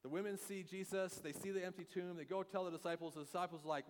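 Animated male preacher in a reverberant hall. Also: high-pitched, fast, few pauses. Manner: animated, acts out voices in quotes. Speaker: pastor. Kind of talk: sermon.

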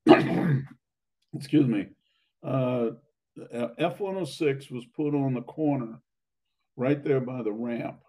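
An older man reminiscing about his academy days, halting with many fillers and restarts, his voice going hoarse and his throat needing clearing. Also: medium pitch, dark tone, low-quality recording. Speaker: interviewee, academy alumnus. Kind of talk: reminiscing conversation.

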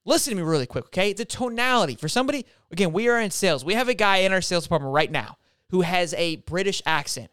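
Excitable sports host, high and clear, emphatic rants. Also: male voice, fast, dry recording, studio quality. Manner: fired-up, emphatic, keeps tacking on "okay?". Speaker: podcast host. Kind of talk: casual sports talk.

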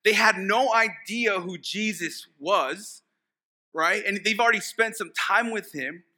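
A man's voice: high-pitched, unhurried, pushed and bright. A man preaching a sermon as pastor, asking the congregation rhetorical questions and acting out the pleas of demons in a casual voice.

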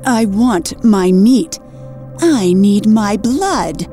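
A woman's voice: medium pitch, expressive, drawn-out words, mellow. A woman voicing a haughty, centuries-old female vampire who hisses her words imperiously, over faint music. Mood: possessive.

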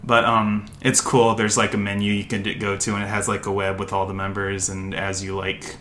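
A young American man with a lowish, bright, forward voice. He rambles through casual podcast chat, full of "um"s, "like"s and restarts. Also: completely flat delivery, a little fast, slight background noise. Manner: rambling, many fillers and restarts. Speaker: podcast co-host.

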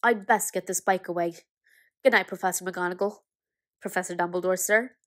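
A woman doing a sobbing, soft-hearted giant man. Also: on the low side, steady tone, a little fast, natural voice. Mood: tearful. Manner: sobbing, pleading. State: crying.

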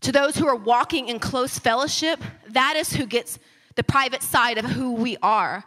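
A woman preaches a sermon in a high, bright voice. She talks conversationally, then builds to fervent emphasis. Her voice rings with the long reverb of a large church hall. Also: moderate pace. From United States.

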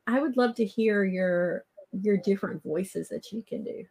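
A woman hosts a podcast, putting eager, brisk questions to her guest. Her voice sits at an everyday middle pitch. She talks in a casual, conversational way. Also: mellow, slightly rough. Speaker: podcast host. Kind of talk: interviewing a guest.

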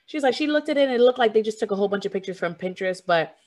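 A woman's voice: mid-range voice, expressive, rapid-fire, darkish tone. Young woman telling a story casually. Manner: rambling storytelling, many "like" fillers, quotes others. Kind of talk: casual conversation.

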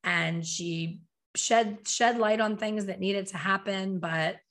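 A woman's voice: medium pitch, fairly even intonation, slow, a bit bright. A middle-aged woman telling her personal story in a candid, conversational way, acting out her own past thoughts.

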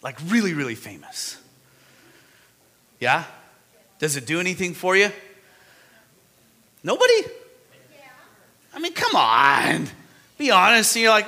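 Bright-voiced man preaching with emphasis. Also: high-pitched, unhurried, pauses often, in a large hall. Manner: animated, emphatic preaching with sudden rises and drops. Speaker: pastor. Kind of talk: sermon.

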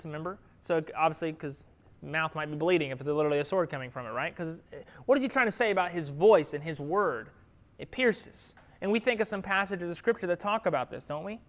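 A man preaching a sermon in an easy conversational way, throwing questions out to the congregation. His voice swings between bright raised lines and soft reflective ones. He laughs easily and keeps the tone friendly. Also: a little high. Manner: lively, asks the room questions, laughs easily.

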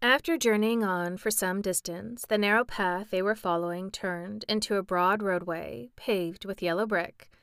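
A woman narrating a classic children's story in a steady, clear reading voice. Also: mid-range voice, normal speed, few pauses, no room sound, clean studio sound. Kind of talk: audiobook storytelling.

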